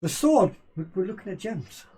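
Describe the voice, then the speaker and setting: A man's voice: sits high, very animated, moderate pace, a crowd in the background. A man who runs a tabletop game as game master, narrating and voicing a merchant with hesitant, improvised phrasing. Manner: hesitant, many ums and restarts while improvising.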